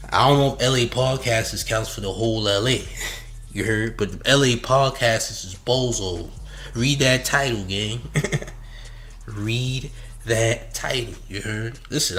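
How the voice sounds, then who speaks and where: A man's voice: mid-range voice, fairly bright tone. A man hosting a reaction commentary, mocking and slangy, laughing often between remarks. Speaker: commentary host.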